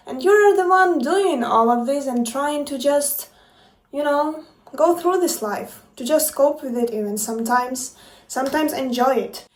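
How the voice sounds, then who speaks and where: A woman's voice: high voice, a little mellow. A woman and life coach talking to her viewers in a casual motivational vlog, playful and emphatic, swearing freely. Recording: echoey room, distant from mic.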